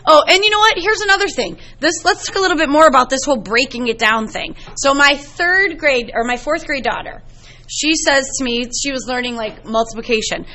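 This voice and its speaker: Lively high-voiced woman math teacher. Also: a little fast. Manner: lively, chatty storytelling to students. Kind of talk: classroom teaching. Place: classroom.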